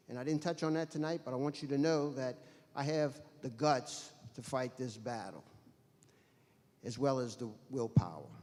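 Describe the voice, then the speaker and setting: Businesslike man, echoing hall. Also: on the high side. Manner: steady, lists priorities, businesslike. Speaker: candidate for parish president. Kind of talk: closing statement at a candidates forum. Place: school auditorium. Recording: reverberant auditorium with long echo.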